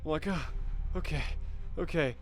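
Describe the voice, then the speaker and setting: A man's voice: fairly high pitch, unhurried, soft background music. A man playing a tabletop game, talking hesitantly. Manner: hesitant, with fillers. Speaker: player.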